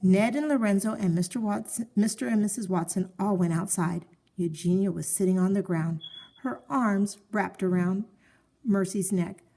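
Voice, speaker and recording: A woman calmly narrating a children's story, reading it aloud. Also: mid-range voice, moderate pace, creaky.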